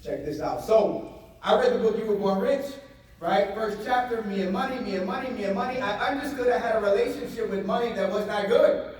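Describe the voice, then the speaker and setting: A man giving a motivational seminar talk to a live audience, animated, repeating phrases and getting the crowd to answer back. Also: sits high, brisk. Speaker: motivational speaker. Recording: echoey hall, voice from a distance.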